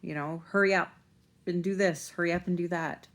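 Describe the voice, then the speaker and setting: Low-voiced woman chatting casually. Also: fairly even intonation, normal speed. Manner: conversational, rambling, with fillers and restarts. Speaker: parent vlogger. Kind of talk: casual talk to camera.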